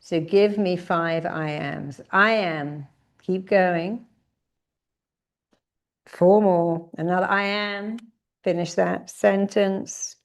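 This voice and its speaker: A middle-aged woman leading a guided therapy exercise, directing listeners and calling out affirmations slowly and with force. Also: fairly low pitch, fairly even intonation. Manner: commanding, drawn-out affirmations called out with emphasis.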